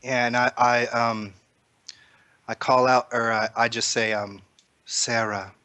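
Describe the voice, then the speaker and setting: A man's voice: mid-range voice, flat delivery, a little slow, sharp tone, clean tone, no echo. A man playing a tabletop game, rambling through his character's actions with many fillers. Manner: rambling, filler-heavy, casual swearing. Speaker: player.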